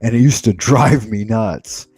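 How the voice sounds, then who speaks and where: A man's voice: lowish voice, unhurried, warm tone, slightly rough, no echo. A man hosting a livestream, rambling through casual stories with profanity and chuckles. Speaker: livestream host. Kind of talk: casual chat.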